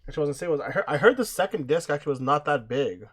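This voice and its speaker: A man's voice: fairly high pitch, animated, racing, few pauses, fairly bright tone, husky. A young man chatting casually to viewers during a game let's play, rambling with restarts.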